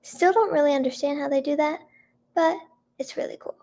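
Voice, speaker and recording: A hoarse woman singer-songwriter chatting casually on a livestream, thanking viewers by name and filling her talk with "like" and "um". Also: high-pitched, fairly quick, warm tone.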